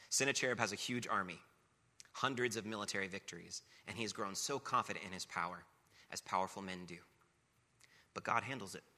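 Male preacher, conversational sermon, bright tense voice, slightly low pitch. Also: fairly quick, long pauses. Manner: conversational, reads scripture aloud with emphasis. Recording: long reverb of a large hall.

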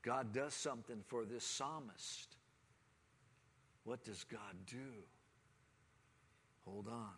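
A man preaching a sermon with passion, swinging from quiet, measured talk to loud, rising proclamation. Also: mid-range voice. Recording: long hall reverb.

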